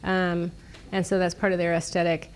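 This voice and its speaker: A middle-aged woman speaking as a guest speaker, telling stories in a lively, snarky way and laughing often. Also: lowish voice, moderate pace, slight background noise. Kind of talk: casual storytelling talk. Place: lecture room.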